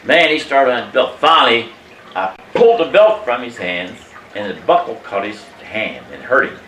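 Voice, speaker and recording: A man in his eighties telling a family story from his childhood in a casual, animated way, emphatic and salty, chuckling as he goes. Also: mid-range voice, moderate pace, slight background noise. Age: 80s. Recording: echoey room, mic at a distance.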